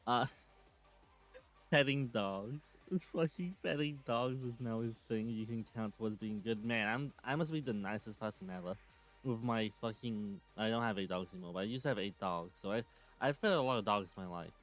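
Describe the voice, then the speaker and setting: A man's voice: on the low side, normal speed, fairly bright tone, soft background music. A man in his twenties giving a sarcastic, swearing rant while commenting on clips. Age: 20s. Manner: sarcastic, ranting, swears often. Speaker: commentary channel host.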